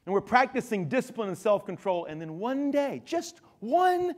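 Animated, high-voiced preacher man. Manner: emphatic preaching, slows down and builds up key words; conversational asides to the congregation. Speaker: pastor. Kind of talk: sermon.

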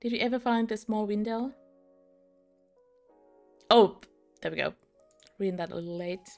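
A young British woman with a mid-range, creaky voice provides live game commentary at normal speed, faint music behind her. Chatty with viewers, she laughs frequently and teases herself.

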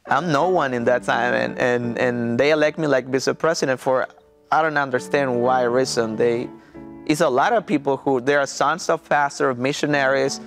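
A pastor from Mexico tells the story of his faith in an interview, stumbling through non-native English with a Mexican Spanish accent, frequent restarts, and fillers. His medium-pitched voice has vocal fry and fairly even intonation, while faint music plays behind him.

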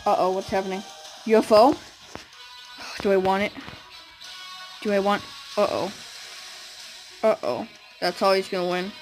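A young woman giving casual, excitable commentary while playing a video game, often squealing and giggling. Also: mid-range voice, a little slow, pauses often, music in the background, low-quality recording. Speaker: gamer.

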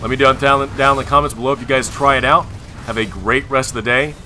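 A man's voice: medium pitch, fairly even intonation, quick pace, pushed and bright, soft background music. A young man giving live gameplay commentary to his channel, talking casually with exasperated outbursts and frequent laughter. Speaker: gaming video creator.

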